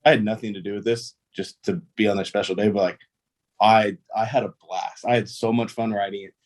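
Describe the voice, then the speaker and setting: Low-voiced laid-back young man. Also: fairly even intonation, brisk. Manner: easygoing, rambling, heavy use of fillers. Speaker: guest, pro baseball player. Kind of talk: casual interview storytelling.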